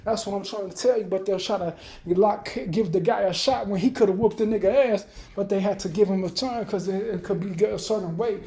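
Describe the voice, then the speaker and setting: A man's voice: high voice, mellow. A man ranting in a loose, rambling, profane monologue. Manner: profane, loose, rambling, talks fast then trails off. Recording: roomy echo.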